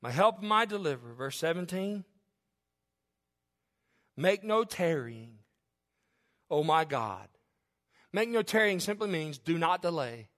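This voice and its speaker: A man preaches a sermon with a voice set a little above the usual male pitch. He moves between quiet, confiding asides and loud, rising declarations, with a chuckle slipping in here and there. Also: sing-song, measured pace, long pauses. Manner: fervent, swings from soft to loud, with chuckles. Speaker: pastor.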